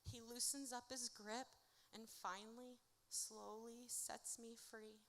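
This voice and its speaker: Bright-voiced woman performing spoken word poetry. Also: on the high side, level tone, slow, slight background noise. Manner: rhythmic rhyming delivery, swinging between loud and hushed. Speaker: poet performing her own work. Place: theatre stage. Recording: long theatre reverb.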